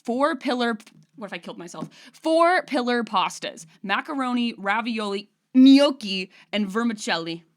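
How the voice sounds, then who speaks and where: A woman's voice: fairly high pitch, lively intonation. Jokey young woman podcast co-host. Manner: jokey, rapid riffing, playful interruptions. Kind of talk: casual podcast chat.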